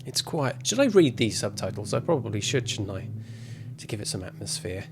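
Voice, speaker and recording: A man's voice: lowish voice, very animated, fairly quick, gravelly, over music. Chatty man streaming a game. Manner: chatty and rambling, self-mocking asides. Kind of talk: casual gameplay commentary.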